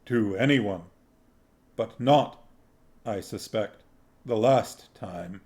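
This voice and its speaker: A man reading aloud, voicing Death as a calm, formal skeletal reaper in a slow, measured, solemn way. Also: lowish voice. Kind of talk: audiobook reading.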